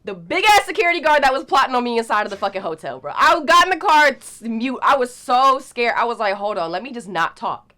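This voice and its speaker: A young woman telling a story in a casual, animated way, acting out the quotes and swearing freely. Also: a little high, brisk, hardly any pauses.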